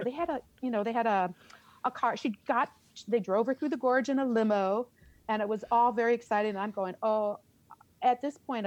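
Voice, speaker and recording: A middle-aged woman, a theater teacher, telling a story in an interview, animated and laughing as she acts out her reactions. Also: fairly high pitch, fairly quick, no echo, muffled recording.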